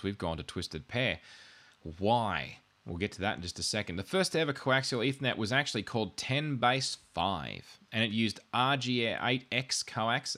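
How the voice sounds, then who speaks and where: A man with a fairly low, fairly bright voice hosts a podcast explaining networking gear in a loose, casual way. He rambles, cracks self-deprecating jokes on the side, and mentions having had too much coffee, which shows in his wired manner.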